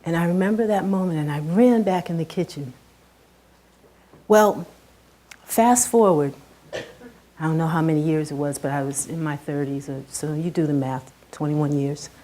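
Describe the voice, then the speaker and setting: A woman's voice: low voice, moderate pace, long pauses, mellow. A middle-aged woman giving a heartfelt personal talk on stage to a live audience, her voice rising and dropping with emotion. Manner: earnest and heartfelt, rises and drops sharply with emotion.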